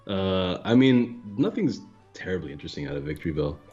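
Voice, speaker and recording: A man hosting a casual card game review, laid-back and low-key, chuckling often. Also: big pitch swings, fairly quick, a little mellow, breathy edge, muffled recording, faint music behind. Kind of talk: casual chat.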